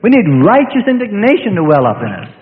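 A man's voice: high-pitched, wildly swooping pitch, fast talker, a little hiss or hum. A middle-aged male pastor preaching a sermon with fervent emphasis and sudden acted asides. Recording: tinny lo-fi recording in a reverberant hall.

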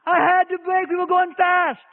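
A man doing a shrill, flustered wife. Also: little pitch movement, normal speed, big-room sound, narrow, tinny audio. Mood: protesting. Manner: high, shrill and protesting. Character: flustered pleading wife, adult woman.

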